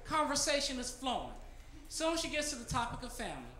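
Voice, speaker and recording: A man's voice: extremely high pitch, huge pitch swings, a little fast. A man doing a stand-up comedy set on a club stage, brash and teasing the audience, on a handheld mic. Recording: roomy club with loud crowd.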